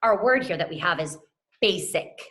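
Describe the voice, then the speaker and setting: Bright, lively woman teaching young children. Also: fairly low pitch, normal speed. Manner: upbeat, encouraging, talks to children as friends. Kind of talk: scripted classroom lesson to camera.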